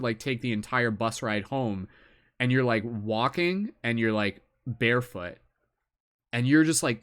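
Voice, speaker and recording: A man's voice: medium pitch, fairly bright tone. A man giving a live tarot reading, talking in a reflective, earnest way and often filling with "like" and "you know". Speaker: tarot reader.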